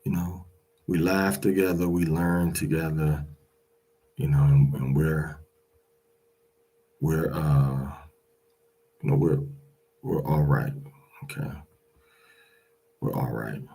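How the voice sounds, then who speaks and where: A man's voice: very deep voice, fairly even intonation, gravelly, warm tone, husky, low-quality recording. A man teaching Hebrew pronunciation in a casual spoken lesson, repeating each word aloud several times. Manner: slow and repetitive, drilling each word aloud with fillers.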